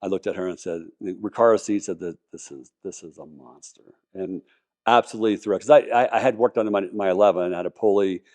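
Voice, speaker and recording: A man's voice: on the low side, fast, darkish tone. A man talking casually as a podcast guest, enthusiastic and rambling, with many restarts. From Colorado, US. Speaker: podcast guest, car collector. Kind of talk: casual interview talk.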